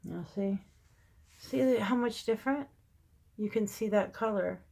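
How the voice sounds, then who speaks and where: A woman's voice: mid-range voice, unhurried, vocal fry, dark tone. A middle-aged woman chatting casually through her own makeup tutorial, talking to viewers as she works and drifting into asides. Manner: chatty, rambling, gets heated when venting. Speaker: makeup vlogger.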